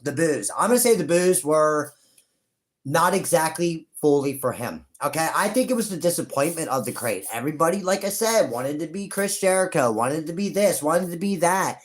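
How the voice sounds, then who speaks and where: A young man in a casual reaction vlog, talking straight to his viewers in an excitable way and swearing often. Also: on the high side, normal speed. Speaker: wrestling vlogger.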